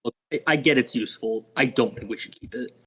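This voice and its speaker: A man's voice: mid-range voice, quick pace, slightly rough. A man playing in a tabletop game, talking bluntly in short lines. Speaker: player. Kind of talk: casual chat at a game table.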